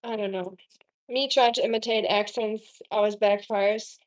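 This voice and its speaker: Slow, chatty woman streaming while cooking. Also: mid-range voice, fairly even intonation. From Germany. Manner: chatty, reads chat aloud, frequent ums. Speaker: live stream cooking host. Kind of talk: casual live stream chat with viewers.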